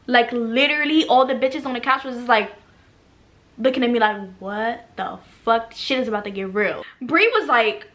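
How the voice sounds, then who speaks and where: A woman's voice: high voice, bright, forceful tone. A young woman from Africa in her twenties telling a dramatic story for her vlog, sassy and profane, acting out every line. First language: an African language. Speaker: storytime vlogger.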